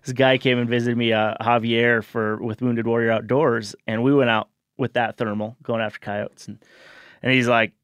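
A man's voice: medium pitch, fairly quick, no room sound, studio quality. A man in casual conversation, telling an anecdote and quoting others as he goes. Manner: storytelling, quotes others in lively bits.

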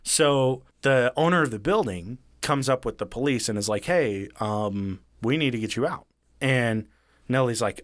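A man's voice: medium pitch, animated, normal speed, a bit bright, dry recording, studio quality. A man retelling a story in casual, profane chat, acting out the lines of the people in it. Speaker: podcast co-host retelling a true story.

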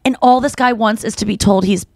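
A woman hosting a podcast, telling stories in a rambling, animated way with lots of fillers. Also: on the high side, a little fast, no echo, clean studio sound. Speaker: podcast host. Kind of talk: casual chat.

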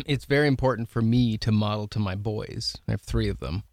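A man hosting a casual interview, thoughtful and halting, often repeating words as he works out a point. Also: fairly low pitch, a little mellow, no echo, studio quality. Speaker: podcast host.

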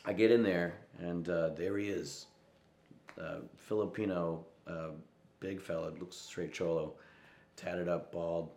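A young man, a musician, telling a personal story in an interview, reflective and often quoting others in a soft voice. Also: deep voice, fairly even intonation, a little slow, reverberant. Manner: reflective, quotes voices with soft asides and laughs.

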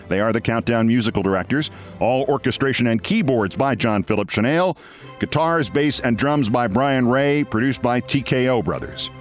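A middle-aged man hosting a podcast, telling a story with wry, dramatic flair and signing off the show. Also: medium pitch. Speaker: podcast host. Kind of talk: monologue storytelling and sign-off. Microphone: studio mic.

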